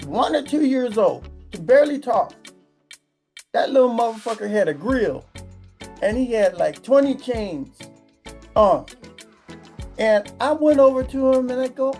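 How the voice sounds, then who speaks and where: A woman's voice: a little high, expressive, measured pace, dark tone, soft background music. A woman vlogger delivering a profane comedic rant, swearing constantly and acting out the people she complains about. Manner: crude, swearing, acts out quoted voices.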